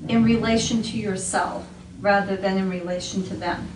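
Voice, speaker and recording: A woman's voice: mid-range voice, steady tone, moderate pace. A middle-aged mother earnestly questioning her son on a home recording, often talking over him. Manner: earnest, probing, talks over others. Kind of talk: family conversation on a home recording. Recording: echoey room, far from the mic, noisy.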